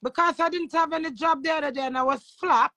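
Woman, Jamaican accent, influencer, patois, loud, profane, boastful, high-ish voice, dry sound. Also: fast, dry recording. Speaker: social media influencer. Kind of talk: brash casual talk in patois.

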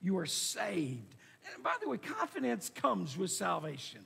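A man's voice: high-pitched, wildly swooping pitch, a little slow, creaky, bright, forceful tone, breathy edge, big-room sound. A man preaching a sermon as pastor, reading scripture aloud and repeating words as he presses his points. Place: church sanctuary.

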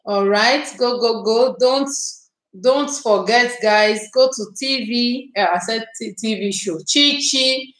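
A woman with a Nigerian English accent hosting a casual live stream, greeting viewers by name and chatting with drawn-out words. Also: fairly high pitch, a bit bright, reverberant, rough recording.

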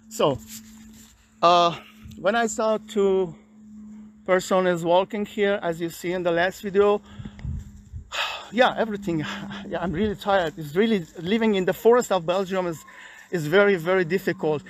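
Weary, agitated man with a high voice. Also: fairly even intonation, a little hiss or hum. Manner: agitated, weary, halting non-native English. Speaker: vlogger. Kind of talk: personal video complaint. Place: outdoors in a park.

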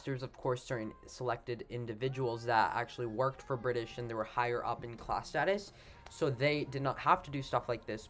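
A man's voice: medium pitch, fairly bright tone. A young man hosting a casual history voice-over for a slideshow. He talks in a rambling, hesitant way, full of "like" and "you know," and often stops to rephrase. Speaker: channel host.

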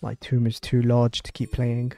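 A man's voice: medium pitch, completely flat delivery, moderate pace, warm tone, slight background noise. A man streaming his live gameplay with frustrated, swearing commentary, often chanting words over and over. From Europe.

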